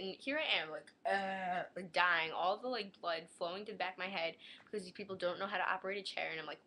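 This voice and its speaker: A teenage girl vlogging a sarcastic rant about a dentist visit, dropping into flat deadpan asides and muttered retorts. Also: on the low side, fast talker, few pauses. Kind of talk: casual storytelling rant.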